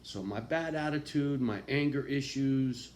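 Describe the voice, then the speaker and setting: A man in a raw, confessional monologue, swearing constantly and swinging from quiet, low talk to loud, angry outbursts. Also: measured pace, a little hiss or hum. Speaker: vlogger.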